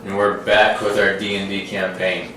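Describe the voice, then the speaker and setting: A man's voice: low-pitched, level tone, normal speed, bright, forceful tone, a little hiss or hum. A man chatting and joking as a player at a tabletop game. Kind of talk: casual tabletop game chat. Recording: echoey room from a distant mic.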